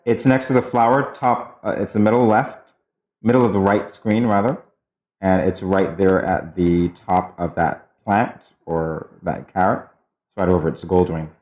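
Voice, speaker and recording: Low-voiced man co-hosting a morning show. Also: fairly even intonation, normal speed, a little mellow. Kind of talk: casual studio banter.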